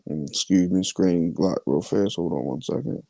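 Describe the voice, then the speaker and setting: A man hosting a podcast, reading out his mock draft picks in a casual, halting way with many fillers. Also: deep voice, gravelly, dark tone, dry recording. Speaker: podcast host.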